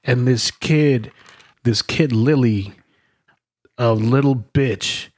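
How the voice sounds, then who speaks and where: A man co-hosting a podcast, telling stories in a casual, profane and animated way. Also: medium pitch, takes it slowly. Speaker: podcast co-host. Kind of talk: casual storytelling chat.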